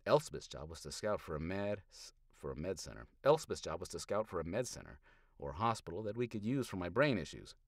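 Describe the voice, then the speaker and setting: A man narrating an audiobook in first person, sardonic, swinging from hushed asides to loud outbursts, in a small hot booth. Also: deep voice, sing-song, a little fast, dry recording, clean studio sound. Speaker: audiobook narrator streaming a reading.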